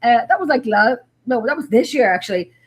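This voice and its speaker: An Irish woman hosting a paranormal chat over a video call, telling stories in an excitable, animated way. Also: fairly high pitch, a little fast. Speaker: paranormal investigator host. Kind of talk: casual chat.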